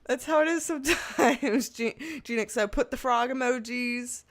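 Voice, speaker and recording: A woman in her thirties hosts a casual tarot livestream, her voice fairly high and her pace moderate. She reads out comments and chats with exasperated humor, laughing often.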